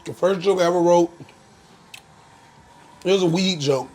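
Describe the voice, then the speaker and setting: A man's voice: sits high, normal speed, darkish tone. A young man from Florida, a comedian telling stories in a casual interview, laid-back with lots of "um" fillers. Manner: laid-back storytelling, frequent "um" fillers, bursts of laughter. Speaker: comedian guest.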